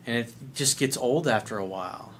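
A man hosts a dating advice video, reading a viewer letter in a casual monologue and responding bluntly and sarcastically with casual swearing. His mid-range voice is a bit bright and moves at a moderate pace, with slight background noise.

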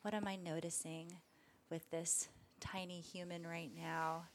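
A woman speaking as a meditation teacher in an interview, gentle and thoughtful, growing animated when she tells stories. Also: lowish voice, unhurried, a little hiss or hum. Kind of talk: conversational interview.

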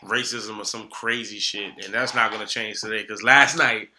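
A man casually telling a story among friends in a slangy, animated way, acting out what people said. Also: lowish voice, normal speed, slight background noise. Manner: animated, slangy, acts out quotes.

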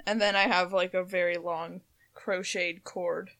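A woman's voice: fairly low pitch, little pitch movement, a little slow, fairly bright tone, no echo. A woman joining a casual chat over a video call as a guest, chiming in with dry, matter-of-fact remarks.

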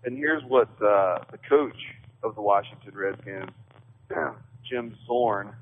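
A man's voice: fairly low pitch, takes it slowly. A man co-hosting a casual sports talk show, joking and saying "dude" often. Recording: phone-like line with faint noise.

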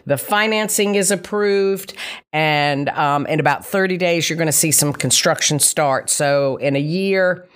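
A woman's voice: sits low, a little slow. A woman hosting a local talk show, talking in a casual, rambling, upbeat way with many ums and asides. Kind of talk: casual chatty monologue.

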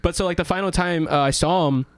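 A man's voice: on the high side, fast, clean tone, no echo. A young man tells a rambling story on an underground radio talk show. He acts out the voices of the people in it and fills the gaps with "like" and "uh", and his swearing is casual. The sound is close and completely dry. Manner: animated storyteller, acts out quotes with lots of swearing and fillers.

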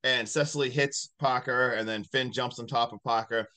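A man hosting a podcast, casually recapping a movie in a rambling, animated way full of "like". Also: medium pitch, moderate pace. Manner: rambling, animated retelling with many likes. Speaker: podcast host.

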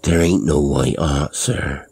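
A man's voice: extremely low pitch, fairly even intonation, slow pace, a little mellow, slightly rough, full character voice. A man voicing a plump, creepy male lorry driver who speaks in a rustic working-class dialect and sounds apologetic and ingratiating. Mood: rueful.

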